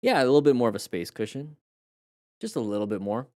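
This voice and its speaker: During a live stream, a fast-talking man with a medium, darkish voice and big pitch swings casually reacts to motorcycle crash clips. His rambling, chatty delivery is full of restarts and fillers as he coaches with praise and jokes for the chat, recorded clean in a studio with no room sound.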